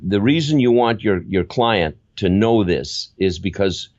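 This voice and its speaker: An older man talks with a deep, low voice in a casual interview. He keeps telling stories and slips into little acted examples. The sound is dry and a bit dull, like a lo-fi recording. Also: measured pace, dry recording. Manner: animated storyteller, acts out examples. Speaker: guest, voiceover veteran.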